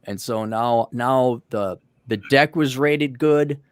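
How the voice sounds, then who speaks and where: A man's voice: mid-range voice, takes it slowly, clean tone, no room sound, studio quality. A man co-hosting a casual podcast, telling stories in a profane, ranting way and acting out the people he quotes. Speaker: podcast co-host.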